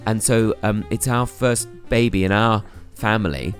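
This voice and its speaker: A middle-aged English man co-hosting a podcast in casual chat, talking haltingly with many restarts. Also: fairly low pitch, faint music behind. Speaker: podcast co-host.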